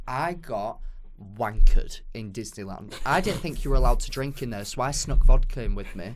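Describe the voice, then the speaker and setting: A man's voice: mid-range voice, expressive, a little fast. A man with a British accent, a podcast guest telling a crude, self-mocking story in casual chat, with lots of fillers.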